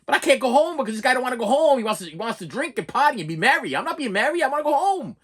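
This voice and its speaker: A middle-aged man as a channel host, delivering an animated comic rant full of stammered restarts and "okay?" tags. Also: very high voice, rapid-fire, slightly rough.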